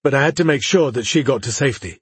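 A man voicing a chubby, timid male chamberlain who talks in a squeaky, stuttering, pleading way. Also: expressive, fast talker, husky, no echo. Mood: anxious.

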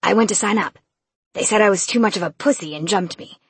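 A woman's voice: medium pitch, fast, husky, no echo. A woman voicing a sullen, groggy, beaten-up teenage boy in a storybook reading. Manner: groggy, offhand.

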